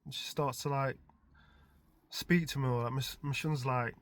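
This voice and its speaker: A man's voice: mid-range voice, fairly even intonation, moderate pace. A middle-aged man casually telling a rambling story about a dream, chuckling often and filling his talk with "like" and "type thing". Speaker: vlogger recounting his dreams.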